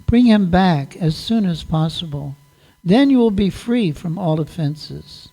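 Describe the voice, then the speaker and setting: A man's voice: high-pitched, lively intonation, a little slow, gravelly, dark tone, exaggerated voice, rough recording. A man voicing a distraught mother who begs tearfully for her missing son, in a devotional story told at a sermon. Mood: pleading. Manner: pleading, tearful speech. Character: grieving mother pleading for her lost son.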